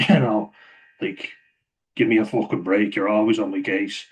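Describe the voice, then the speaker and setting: A man's voice: fairly low pitch, steady tone, moderate pace, low-quality recording. A man telling a rambling story to camera, swearing freely and laughing often mid-sentence. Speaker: vlogger.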